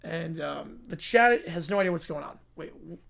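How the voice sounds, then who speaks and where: A man's voice: a little high, expressive, normal speed, gravelly, a bit bright. A man hosting a live sports reaction stream. He reads skits aloud in a playful, laughing way and chats with viewers. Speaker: livestream host.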